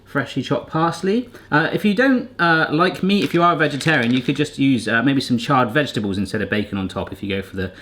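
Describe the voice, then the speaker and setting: A man from England hosts a home cooking show, joking and chatting as he works. His pitch swings widely and lively from line to line. The talk stays loose and playful. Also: quick pace, few pauses, a little hiss or hum. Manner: playful, jokey, animated. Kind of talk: casual cooking chat. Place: home kitchen.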